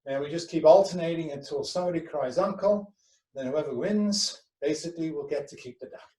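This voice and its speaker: A man's voice: a little high, a little fast, dark tone, natural voice. A man voicing a stubborn, sly country farmer inside a told joke. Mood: sly, firm. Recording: roomy, distant from the mic.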